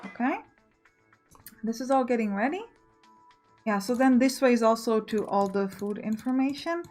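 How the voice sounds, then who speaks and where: A woman's voice: on the high side, normal speed, a little mellow, faint music behind. A woman giving casual let's play commentary, thinking aloud and correcting herself as she plans.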